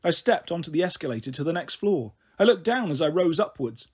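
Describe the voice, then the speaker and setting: Husky male storyteller, lively and high. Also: fairly quick. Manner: expressive first-person narration. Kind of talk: audiobook reading of a children's novel.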